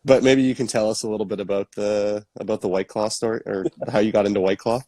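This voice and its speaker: Male podcast host, low voice, easygoing interviewer, dry close mic. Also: steady tone, fast, mellow, no room sound. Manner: easygoing, laughs along. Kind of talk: casual interview.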